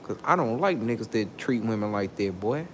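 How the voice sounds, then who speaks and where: A man venting in an angry vlog rant, swearing and jumping up in pitch as he gets worked up. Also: expressive, moderate pace, a little hiss or hum. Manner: angry ranting, swearing, voice leaping up when worked up. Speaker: vlogger. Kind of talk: heated venting monologue.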